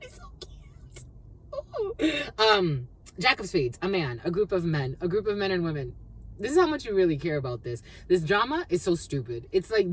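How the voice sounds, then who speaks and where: A woman with a husky, slightly low voice talks through a collective tarot reading. She rambles and free-associates, circling back to the same phrases and dropping casual swear words along the way. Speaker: tarot card reader.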